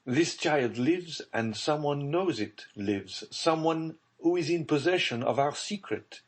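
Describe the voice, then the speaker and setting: A man's voice: on the high side, expressive, a little slow, pitched above the performer's own voice. A man doing a grave, brooding nobleman. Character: haunted scheming nobleman, secretive and grave.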